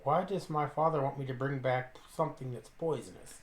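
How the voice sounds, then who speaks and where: A man's voice: medium pitch, brisk, natural voice. A man playing an anxious young male dwarf prince who asks earnest questions. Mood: worried. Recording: roomy echo.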